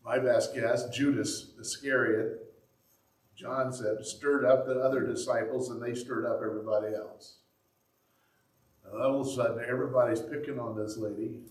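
A man's voice: mid-range voice, fairly even intonation, moderate pace, distant mic. A man preaching a sermon, telling the story in a conversational way and acting out the quotes. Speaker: pastor. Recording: echoey room, speaker away from the mic.

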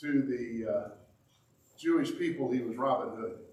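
A man preaching a sermon as pastor, dramatic and animated, reading scripture aloud and acting out the quoted lines. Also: mid-range voice, a little slow. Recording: roomy sound, mic at a distance.

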